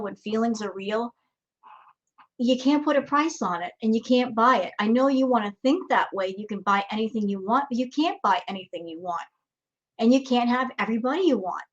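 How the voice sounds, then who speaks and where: A woman giving reaction commentary, calmly lecturing the person in the clip she is watching. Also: on the high side, lo-fi sound. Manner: calm, lecturing, addresses the streamer directly.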